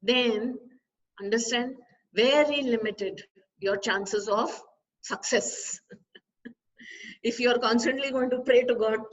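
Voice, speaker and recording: A woman, a spiritual teacher, giving an expressive discourse full of rhetorical questions to her listeners. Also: fairly high pitch, takes it slowly, long pauses. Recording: distant, slightly dull recording.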